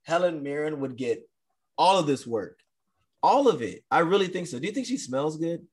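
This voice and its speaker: A man's voice: a little high, expressive, moderate pace, slightly rough. A man co-hosting a podcast in casual, slangy banter, laughing often. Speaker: podcast co-host. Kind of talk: casual chat.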